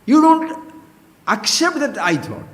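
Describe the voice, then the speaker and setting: A man delivers a spiritual discourse in a high, very lively voice. He presses his points with repeated questions and Sanskrit terms. The sound rings with the long echo of a hall. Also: slow pace. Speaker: spiritual teacher. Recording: echoey hall.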